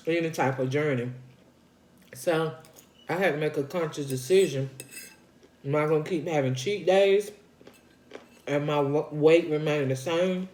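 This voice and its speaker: This woman's voice sits low and is a little mellow. A vlogger sharing her weight-loss journey, she eats on camera and chats in a folksy, talkative way, repeating her points between bites. The recording has an echoey room sound.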